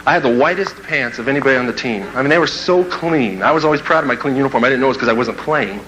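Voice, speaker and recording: In this low-quality recording with slight background noise, a mid-range male voice races along. He's a motivational speaker sharing a funny personal story with an audience, energetically acting out voices and laughing at himself.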